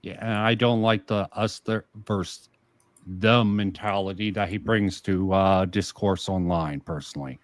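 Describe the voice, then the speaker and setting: A man's voice: sits low, fairly even intonation, a little slow, dry recording. A man hosting a casual commentary stream, reading comments aloud and rebutting them sarcastically. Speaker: streamer host.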